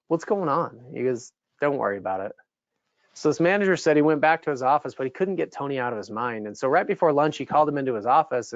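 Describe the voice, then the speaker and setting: A man giving a motivational speech, telling stories in an animated way and voicing the people he quotes. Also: medium pitch, dry recording. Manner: animated storyteller, voices quoted characters. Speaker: keynote speaker. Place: event venue. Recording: dull, slightly muffled dry recording.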